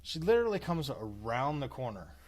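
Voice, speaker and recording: A man in his thirties co-hosting a podcast, telling an everyday story. He talks in a casual way, swears freely and acts out what people said. His pitch sits in the middle of the range. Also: brisk. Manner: animated, acts out quotes with cursing. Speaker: podcast co-host.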